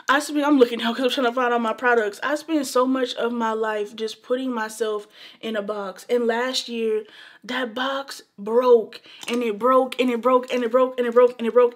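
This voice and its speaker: Young woman, high voice, casual heartfelt vlog, emphatic, repeats herself. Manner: emphatic, repeats phrases, calls viewers baby and y'all. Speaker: beauty vlogger. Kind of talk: casual heartfelt talk to camera.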